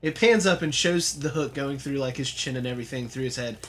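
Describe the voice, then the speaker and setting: A man's voice: mid-range voice, brisk, a bit bright. A young man appearing as a podcast guest, eagerly chiming in with details in a casual movie discussion.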